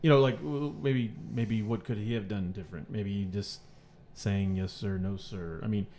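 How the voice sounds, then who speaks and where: A man's voice: on the low side, moderate pace, mellow, a little hiss or hum. A man hosting a casual podcast chat, steering the talk and asking questions.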